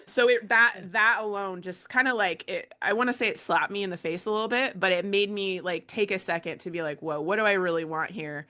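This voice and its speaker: A woman coach leading a panel conversation, telling a personal story in a lively way with lots of fillers. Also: medium pitch, fairly quick, hardly any pauses. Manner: animated storytelling with many fillers and laughs. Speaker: burnout prevention coach, panel moderator. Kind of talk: casual panel chat.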